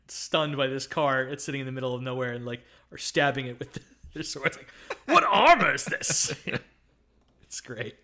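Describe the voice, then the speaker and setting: Bright-voiced excitable podcast host. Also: male voice, medium pitch, moderate pace. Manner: excitable, quotes lines in loud put-on bursts, laughs often. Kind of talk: casual film review chat.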